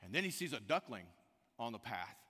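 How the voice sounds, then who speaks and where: A man preaching a sermon, telling stories with animated energy and asking the congregation direct questions. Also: medium pitch, fairly quick, slightly rough. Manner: animated storytelling, rising to loud outbursts. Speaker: pastor. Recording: echoey hall reverb.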